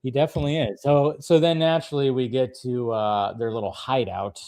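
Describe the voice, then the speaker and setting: A man's voice: medium pitch, fairly even intonation, fairly quick, darkish tone. A man co-hosting a casual chat, recapping a cartoon episode, laughing often and acting out the characters' lines. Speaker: podcast co-host.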